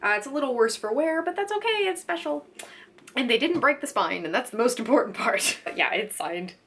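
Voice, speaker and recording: A woman's voice: sits high, fairly quick. Giggly chatty woman book vlogger. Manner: chatty and giggly, gushing fan excitement. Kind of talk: casual chat to camera.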